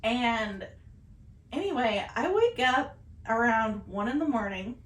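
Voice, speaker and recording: A woman from Southern Indiana co-hosting a podcast, telling a story in casual chat, animated and swearing freely. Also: a little high, slow, roomy sound. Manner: animated, swears freely, shouts when retelling. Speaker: podcast co-host.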